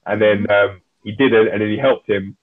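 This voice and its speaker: A husky-voiced man tells a TV plot scene by scene, full of slang. The sound comes through thin and tinny, like a phone line. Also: lowish voice, normal speed. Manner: animated storyteller acting out scenes in slang. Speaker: podcast co-host. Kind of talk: casual chat, retelling a TV episode.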